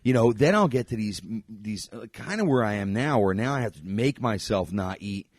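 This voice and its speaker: A man's voice: on the low side, expressive, moderate pace, slightly rough, no room sound, studio quality. A man hosting a podcast in casual chat, laid-back and rambling, laughing often. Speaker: podcast host.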